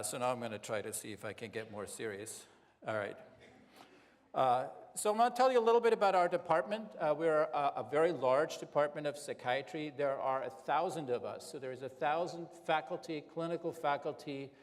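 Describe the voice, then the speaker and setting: A middle-aged man with a German accent giving a relaxed public lecture as a psychiatry professor, joking and using many filler words. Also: on the high side. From Alps. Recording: lecture hall reverb.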